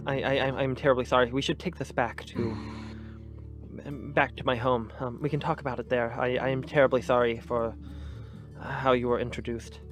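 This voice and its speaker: A man's voice: medium pitch, flat delivery, brisk, music in the background, lightly acted. A man doing a stammering nervous governess. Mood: apologetic. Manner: stammering, anxious, apologetic. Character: nervous apologetic female town governess.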